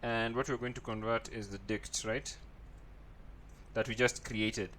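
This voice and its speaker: A man's voice: medium pitch, steady tone, a little slow, pushed and bright, slight background noise. A man teaching a coding tutorial, thinking aloud as he types and often checking in with "right?". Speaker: programming tutor. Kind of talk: screen-recorded coding tutorial.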